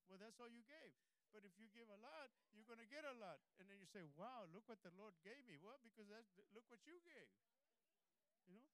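A pastor preaches to his congregation at an evening service, mixing scripture reading with easygoing, exhorting asides. His voice sits high for a man and comes through smooth and resonant. The sound is dry, with little room echo. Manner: exhorting, conversational, breaks into soft laughs. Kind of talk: sermon. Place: church service.

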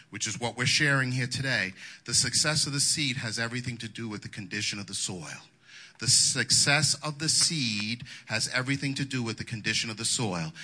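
A man's voice: lowish voice, pushed and bright. A male pastor preaching a sermon in a folksy, colloquial way, wandering into asides.

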